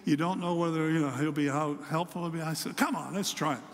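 A man's voice: a little high, fairly even intonation, fast talker, long reverb tail. An older man, a pastor, preaching a sermon and telling a story about his grandson. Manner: storytelling, acts out a child's voice in quotes. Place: church sanctuary.

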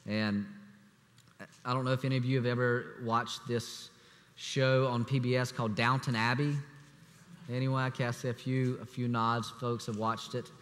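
A man preaching a sermon as assistant pastor, speaking conversationally with restarts and fillers, sometimes dropping to a hushed voice. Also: mid-range voice, little pitch movement, normal speed. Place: church sanctuary. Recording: echoey church hall.

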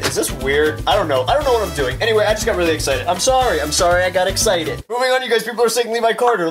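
A young man in a casual vlog, talking in an excitable, animated way and swearing often. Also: sits high, fast talker, hardly any pauses, music in the background. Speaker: YouTuber.

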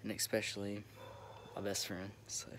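A young man recording himself on his phone, talking haltingly with many restarts as he holds back tears. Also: lowish voice, completely flat delivery. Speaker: vlogger. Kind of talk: emotional direct-to-camera update. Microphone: phone camera. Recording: phone recording with noticeable background noise.

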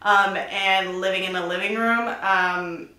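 A woman's voice: mid-range voice, steady tone, measured pace, sharp tone, echoey room. A woman in her twenties chatting casually through a tour of her apartment bedroom, candid and cursing freely. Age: 20s. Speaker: vlogger giving a room tour. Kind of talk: casual chat.

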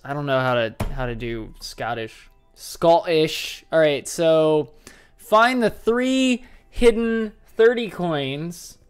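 A man's voice: a little high, expressive, slow, smooth, faint music behind. A man casually commenting on a video game while a little tipsy, rambling, joking and swearing freely. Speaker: gameplay streamer.

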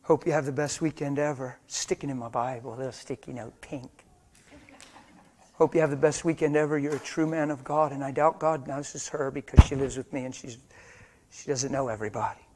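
A middle-aged man preaching a passionate sermon, swinging between loud emphasis and soft, hushed storytelling. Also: medium pitch, fairly even intonation, brisk, a little hiss or hum.

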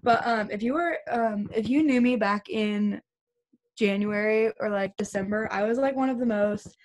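A woman's voice: mid-range voice, moderate pace. A young woman on a group video call, chatting casually in a rambling way, full of "like". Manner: rambling, fillers like "like" everywhere. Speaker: team member sharing her story.

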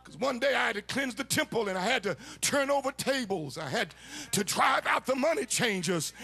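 A man preaching a sermon, shouting and chanting his lines in a sung, call-and-response cadence. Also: very high voice, expressive, normal speed, creaky, breathy edge, soft background music. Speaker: bishop preaching. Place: church sanctuary.

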